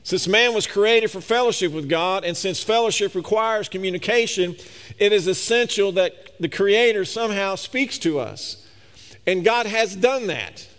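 A man's voice: high-pitched, lively intonation, normal speed, fairly bright tone, big-room sound. A man preaching a sermon, emphatic and speaking straight to his listeners. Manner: emphatic, addresses the congregation directly.

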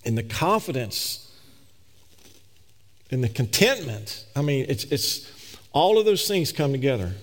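A man's voice: very animated, creaky. Man preaching in a reverberant hall. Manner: rising to emphatic peaks, then dropping low and slow for scripture. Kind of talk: sermon. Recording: long reverb of a large hall.

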